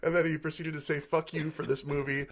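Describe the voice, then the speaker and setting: A man's voice: a little high, little pitch movement, quick pace. A man chatting loosely on a film podcast. He laughs easily and trails off mid-thought before picking the sentence back up. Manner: laughs often, trails off and restarts. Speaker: podcast co-host. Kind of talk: casual chat.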